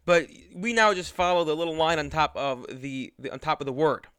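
A man's voice: a little high, a little fast, fairly bright tone, clean tone, no room sound, clean studio sound. A man teaching a religious text, reading lines aloud and then explaining them in an easygoing way with frequent restarts. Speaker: Torah teacher. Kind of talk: text study lesson.

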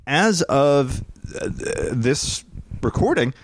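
A man's voice: mid-range voice, lively intonation, slow, no echo. A man co-hosting a podcast in casual chat, laid-back and dry, with self-deprecating asides. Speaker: podcast co-host.

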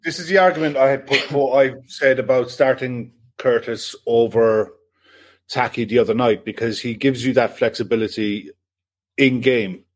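A man's voice: medium pitch, normal speed. Easygoing man co-hosting a football podcast. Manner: relaxed, agreeable, relays questions from the chat. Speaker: podcast co-host. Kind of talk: casual football chat.

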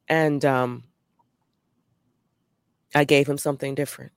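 Woman guest sharing her story, measured and earnest, dead dry sound. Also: extremely low pitch, no room sound. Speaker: podcast guest. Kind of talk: personal story in interview.

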